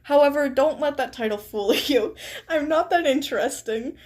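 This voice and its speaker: A mild, self-effacing male doctor who downplays himself, read by a woman. Her own high voice stays light and plain. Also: normal speed, a little mellow, natural voice. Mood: modest. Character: modest, soft-spoken man, head of psychology.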